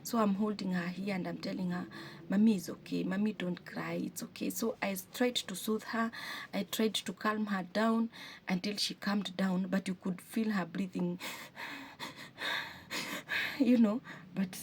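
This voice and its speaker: A woman's voice: medium pitch, fairly even intonation, unhurried, long pauses, a little hiss or hum. Earnest Kenyan woman telling a painful story. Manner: emotional, earnest retelling with frequent restarts. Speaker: single mother vlogger. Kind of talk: personal storytelling to camera.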